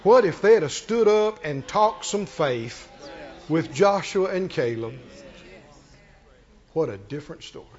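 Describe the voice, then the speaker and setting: A man preaching a sermon, telling a story dramatically, acting out the characters and swinging from shouts to near-murmurs. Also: a little high, lively intonation, dull audio. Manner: acts out the characters' lines in quick voices.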